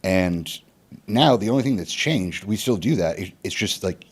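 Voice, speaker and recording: Man, 30s, very low voice, podcast guest, rambling, stumbles and restarts. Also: lively intonation, moderate pace, slightly rough. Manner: loose, rambling with repeated restarts and profanity. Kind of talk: casual podcast conversation.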